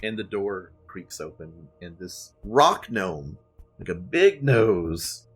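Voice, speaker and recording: A man runs a tabletop game, describing rooms and people in a relaxed, offhand way with plenty of fillers. His voice sits on the low side. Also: slow, slightly rough, faint music behind. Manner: loose, casual narration with fillers. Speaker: dungeon master.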